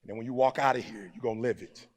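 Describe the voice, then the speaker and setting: A man giving a live motivational speech to an audience, moving from low, close talk to shouted call-and-response, in a preacher-like manner. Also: rapid-fire. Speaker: motivational speaker. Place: large hall before a live audience.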